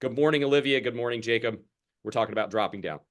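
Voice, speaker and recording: A young man with a medium-pitched voice talks very fast as he coaches a sales team on a group video call. He's chatty and casual, acting out exchanges with customers during the sales training.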